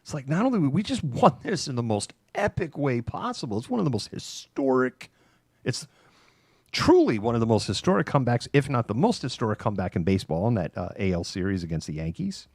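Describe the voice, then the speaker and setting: Middle-aged man telling stories, very lively intonation. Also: medium pitch, brisk, slightly rough, no room sound, studio quality. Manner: animated, laughs while talking, many fillers. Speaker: host. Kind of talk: casual chat, anecdotal storytelling.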